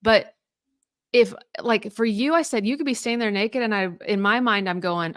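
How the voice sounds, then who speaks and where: At medium pitch and a moderate pace, this podcast co-host in her thirties sounds a bit bright, clear and resonant. She rambles in casual chat with many fillers and restarts, and the studio-quality recording has no room sound.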